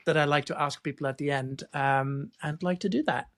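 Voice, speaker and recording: A man hosting a podcast interview in a casual conversational way, telling stories with lively acted-out quotes. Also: a little high, a little fast. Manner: lively storyteller, acts out quoted lines. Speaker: podcast host.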